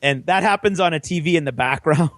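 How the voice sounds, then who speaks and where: Higher-pitched man rambling through a story. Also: normal speed, a bit bright, no echo. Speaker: podcast co-host. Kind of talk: casual chat.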